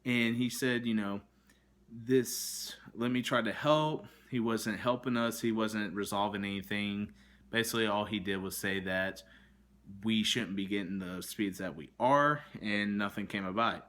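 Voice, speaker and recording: A man's voice: fairly low pitch, fairly even intonation, normal speed, fairly bright tone. A man vlogging from his kitchen, telling a frustrated story full of fillers and restarts. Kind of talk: ranting to camera. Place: kitchen at home, indoors.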